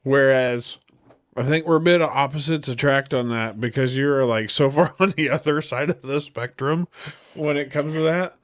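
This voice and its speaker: A man co-hosting a casual couple podcast, low-key and dry in his replies. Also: moderate pace. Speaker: podcast co-host.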